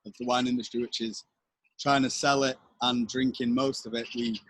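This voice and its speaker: A man from the wine trade speaking on a video call, hesitant and thoughtful, with halting restarts. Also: medium pitch, level tone, a bit bright, a little hiss or hum, low-quality recording. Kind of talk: casual chat on a video call.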